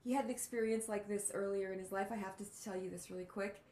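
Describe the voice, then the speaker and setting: A woman telling a story in a casual chat, animated, with quick asides and gushing reactions. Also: mid-range voice. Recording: roomy echo.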